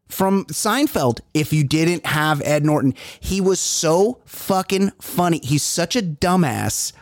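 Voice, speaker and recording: Man, podcast co-host, lively swooping voice, slightly high, teasing, dry close sound. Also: no echo. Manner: loud, teasing, swears freely. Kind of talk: casual comedic banter.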